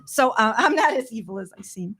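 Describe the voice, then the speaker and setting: A middle-aged woman, a guest, telling her story in an impassioned, blunt way with quick asides. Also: a little high, expressive, fairly bright tone, slightly rough. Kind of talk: emotional interview storytelling.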